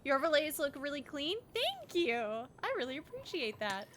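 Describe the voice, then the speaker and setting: Bubbly Southern woman with a lively, bright voice. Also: high-pitched, moderate pace, slight background noise. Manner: bubbly, chatty, laughs easily. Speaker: streamer. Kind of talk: casual livestream chat while gaming.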